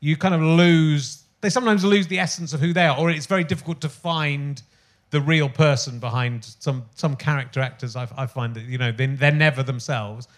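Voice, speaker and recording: A man hosting an interview, his voice pitched a little high for a man. He rambles through his questions, restarting his sentences and laughing often. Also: fairly quick. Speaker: podcast host. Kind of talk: interview chat.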